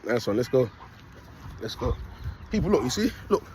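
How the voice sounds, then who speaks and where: A self-styled prophet vlogger, this young man holds up his phone while walking his dog outdoors and preaches at length, punctuating it with "you get me" and "people." His medium-pitched, slightly mellow voice swings widely in pitch at a moderate pace, over slight background noise.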